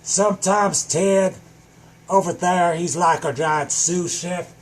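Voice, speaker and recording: A man delivering a manic, rambling improvised comedy rant that keeps bursting into shouts. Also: high voice, slow, a little hiss or hum. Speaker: comedic vlogger.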